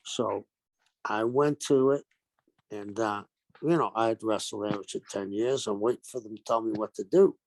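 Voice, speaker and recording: An older man, a retired pro wrestler, telling animated stories in an interview and acting out the quotes. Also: on the low side, moderate pace, no room sound. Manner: animated anecdotes with acted-out quotes. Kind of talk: storytelling interview.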